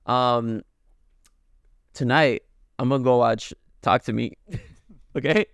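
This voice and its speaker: A man's voice: medium pitch, slow pace, a bit bright, no room sound, studio quality. A man co-hosting a podcast in casual chat, loose and rambling, with many fillers. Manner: loose and chatty, lots of fillers. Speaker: podcast co-host.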